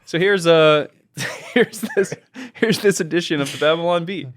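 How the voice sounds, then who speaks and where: A man co-hosting a comedy podcast in relaxed, casual chat. He throws in quick asides and laughs often. He talks into a studio podcast mic. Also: fairly high pitch. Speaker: podcast co-host.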